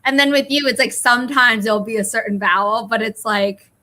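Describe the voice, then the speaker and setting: A woman's voice: fairly high pitch, a little fast. A woman from the United States hosting a casual chat, telling rambling stories. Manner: rambling, animated storyteller. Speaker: host.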